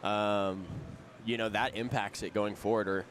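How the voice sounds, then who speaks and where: A man commentating a live race, analyzing at length in a relaxed, rambling way with plenty of fillers. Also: fairly low pitch, a little slow, slight background noise.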